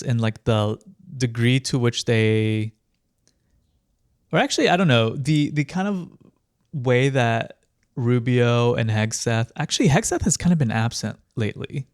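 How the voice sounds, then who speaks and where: A man's voice: mid-range voice, clear, resonant tone, dry recording, studio quality. A man co-hosting a podcast, chatting about politics in a rambling, sardonic way with lots of fillers. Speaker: podcast co-host. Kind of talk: casual political chat.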